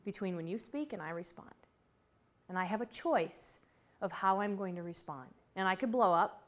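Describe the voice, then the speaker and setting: A woman giving a motivational talk on workplace communication, chatty and lively, laughing easily and acting out the voices she quotes. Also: medium pitch.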